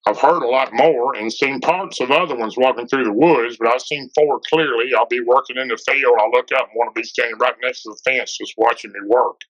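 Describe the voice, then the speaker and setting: A man's voice: mid-range voice, brisk, hardly any pauses, fairly bright tone, lightly acted. A man voicing his elderly rural grandfather with a plain-spoken Tennessee Southern drawl. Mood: matter-of-fact. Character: folksy old rural grandfather, calm and knowing. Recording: dull lo-fi podcast audio.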